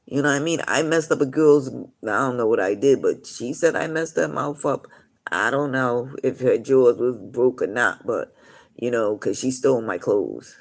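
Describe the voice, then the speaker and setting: Gravelly man telling rambling stories. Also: mid-range voice, normal speed. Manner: rambling, full of "you know" asides. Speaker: live streamer. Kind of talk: casual rambling storytelling.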